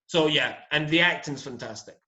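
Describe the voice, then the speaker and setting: A man's voice: on the high side, moderate pace, sharp tone, highs cut off. Opinionated Scottish man on a podcast. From Scotland. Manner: chatty, opinionated, keeps asking "you know what I mean". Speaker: guest. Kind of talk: casual podcast chat.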